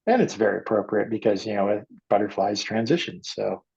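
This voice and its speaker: Man, gravelly husky voice, low, casual storytelling, dull lo-fi sound. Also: animated, a little fast, darkish tone. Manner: rambling, many fillers, acts out quoted voices. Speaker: guest artist.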